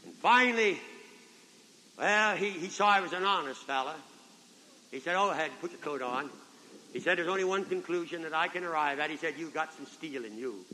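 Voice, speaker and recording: A man's voice: on the high side, a little fast, pauses often, sharp tone, slight background noise. An older man preaching a revival sermon, telling a folksy story and calling out amen and brethren, in a 1970s convention hall recording.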